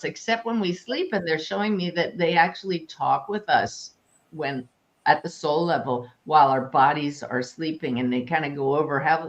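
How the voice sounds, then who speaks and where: A woman, talking casually as the host of a spiritual Q&A. Her speech is animated and she laughs easily. The sound is a bit dull and lo-fi. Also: low voice, moderate pace. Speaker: host and medium.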